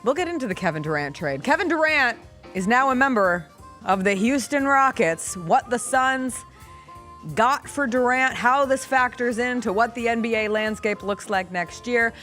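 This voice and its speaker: A woman's voice: fairly high pitch, expressive, moderate pace, a bit bright, soft background music. A woman hosting a sports talk show, chatting energetically with a co-host.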